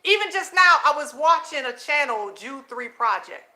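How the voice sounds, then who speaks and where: A woman with a high voice hosts her own channel, casually preaching to viewers she calls family. She speaks at a normal speed, animated, repeating phrases for emphasis and laughing often between points. She records at home at night with her children nearby.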